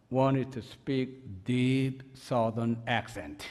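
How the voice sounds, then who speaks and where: A man's voice: mid-range voice, fairly even intonation, very slow, few pauses, darkish tone. Earnest male pastor in a big echoing church. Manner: earnest, emphatic, with rising bursts of energy. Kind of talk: sermon. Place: church sanctuary. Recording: reverberant church sanctuary.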